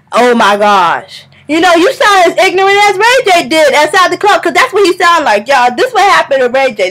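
A woman vlogger rants straight to her viewers, sassy and scolding, with plenty of bounce and attitude. Her voice sits high, and she keeps circling back to hammer her point home. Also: a bit bright. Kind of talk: casual rant to camera.

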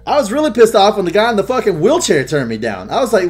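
A man's voice: sits high, quick pace, husky, faint music behind. A young man co-hosting a podcast, swearing freely and laughing a lot as he tells stories. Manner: profane, animated, laughs a lot. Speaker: podcast co-host. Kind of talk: casual gaming chat.

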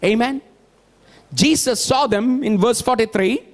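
A male pastor preaches a sermon in a strikingly high-pitched voice, taking his time. He speaks emphatically and tosses rhetorical questions to his listeners.

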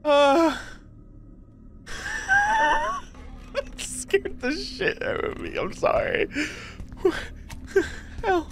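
A woman's voice: very high voice, huge pitch swings, drawn-out words, long pauses, fairly bright tone, soft background music. Jumpy, giggly woman streamer. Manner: jumpy, giggly, talks to herself. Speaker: game streamer. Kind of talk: let's-play commentary.

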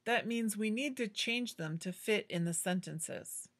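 A woman teaching an English grammar lesson, explaining slowly and clearly in a patient way. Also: mid-range voice.

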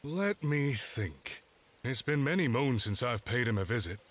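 An actor playing a kindly old parish vicar in a narrative game, speaking in a gentle, obliging manner. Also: male voice, medium pitch, very animated, a little slow.

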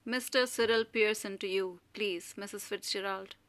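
A woman's voice: mid-range voice, steady tone, normal speed, fairly bright tone, lightly acted. A woman voicing a spoilt young son who talks back sulkily and indignantly to his mother. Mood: sulky, indignant. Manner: sulky and indignant.

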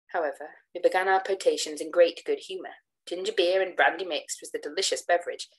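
A woman giving a dramatic reading of a classic tale, acting out the dialogue with shifts of pitch. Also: poor audio. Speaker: reader of gothic tales.

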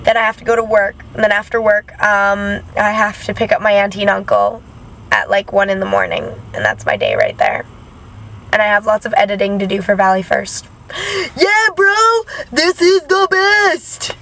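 A woman's voice: medium pitch, sing-song, fairly quick, vocal fry, fairly bright tone. A tired young woman vlogging casually from inside a vehicle, rambling and joking at her own expense. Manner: chatty, rambling, self-mocking. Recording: noisy car background.

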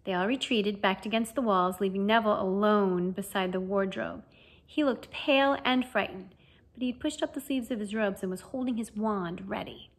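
A woman narrating a children's fantasy novel as an audiobook reader, with a lively, expressive reading. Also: mid-range voice, moderate pace. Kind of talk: storybook narration.

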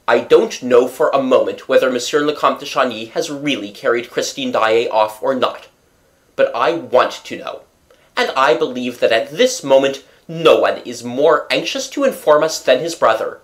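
A reader voicing a self-satisfied police commissary who questions and lectures in a measured way. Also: medium pitch, animated, close to an everyday voice. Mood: lecturing. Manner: measured, lecturing, pleased with himself.

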